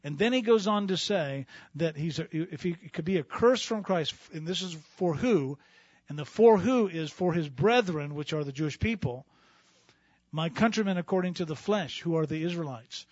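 A man's voice: fairly high pitch, animated, moderate pace, no echo, highs cut off. A middle-aged male pastor teaching a sermon in a conversational, self-deprecating way, often restarting his sentences.

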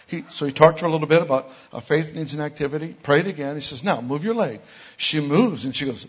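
A man preaching a sermon, telling stories with an animated delivery that gets loud for the lines he quotes. His voice is husky, and the recording is dull and lo-fi. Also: fairly high pitch, a little fast. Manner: animated storyteller, rising loud for quoted exclamations. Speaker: pastor. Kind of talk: sermon storytelling. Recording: dull lo-fi sound.

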